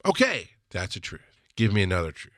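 A man's voice: low-pitched, huge pitch swings, fairly quick, a bit bright, no room sound, studio quality. A middle-aged man hosting a podcast, talking in a casual, rambling way and often breaking into laughter. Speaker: podcast host. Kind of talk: casual livestream monologue.

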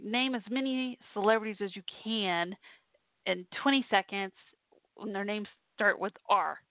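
A woman's voice: mid-range voice, no echo. Chatty woman on a tinny line. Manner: chatty, laughs often, restarts and fillers. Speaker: podcast host. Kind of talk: casual storytelling monologue. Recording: tinny phone-like sound, dry.

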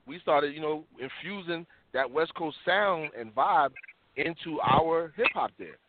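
A man tells stories in an animated, slang-heavy way. His voice sits a little high. The sound is dry and thin, like a phone line. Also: a little slow, no room sound. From New York. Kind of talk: casual discussion.

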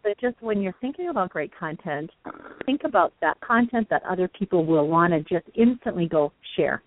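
A woman's voice: on the low side, lively intonation, normal speed, a little hiss or hum. A woman hosting a speaker-training talk, explaining points with enthusiasm and frequent laughs. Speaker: host. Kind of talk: conversational teaching on a call-in show. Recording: dry tinny phone line.

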